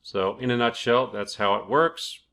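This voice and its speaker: A man hosting his own cryptocurrency channel, explaining a coin project in a relaxed, conversational way, with fillers and small self-corrections. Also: medium pitch, unhurried. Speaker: crypto YouTube channel host. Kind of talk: casual explainer, reading from a project page.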